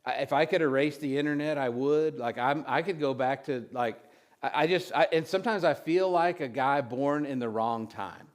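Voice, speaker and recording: At a medium pitch and moderate pace, this pastor delivers a relaxed, talky sermon built on old scripture. He retells it with acted voices, frequently restarting and wandering into asides.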